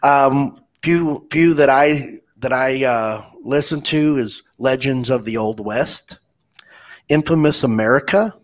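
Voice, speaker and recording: A man hosting a podcast, telling stories in a relaxed way with frequent restarts. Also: mid-range voice, takes it slowly. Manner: relaxed storytelling, many restarts. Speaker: podcast host. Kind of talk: casual interview chat.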